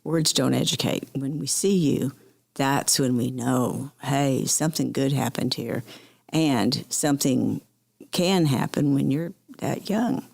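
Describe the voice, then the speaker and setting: A woman hosting a podcast interview, her voice low and touched with gravel. She asks questions in a supportive, attentive way. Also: slow, a little mellow. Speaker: podcast host.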